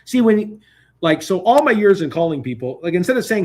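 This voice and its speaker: A man's voice: on the high side, very animated, brisk, darkish tone. A man hosting a live call-in stream from a hotel room, talking casually and rambling between jokes. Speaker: host.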